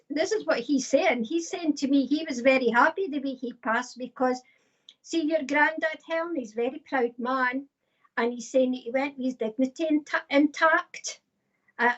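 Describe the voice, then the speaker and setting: A woman's voice: high voice, moderate pace. Woman, psychic medium, chatty and rambling, muffled stream sound. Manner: chatty, laughs often, many fillers. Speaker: psychic medium giving readings. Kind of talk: live online reading, casual chat. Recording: dull lo-fi stream audio.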